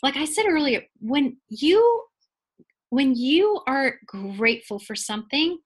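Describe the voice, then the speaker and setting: Woman in her forties, fairly high voice, playful and animated, interview guest. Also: slow. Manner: animated, laughs often, playful teaching tone. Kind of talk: conversational interview.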